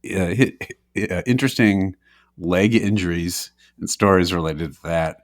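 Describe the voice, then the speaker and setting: A man's voice: low-pitched, a little slow, no echo, clean studio sound. A man co-hosting a comedy podcast in casual chat, laughing often between his lines. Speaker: podcast co-host.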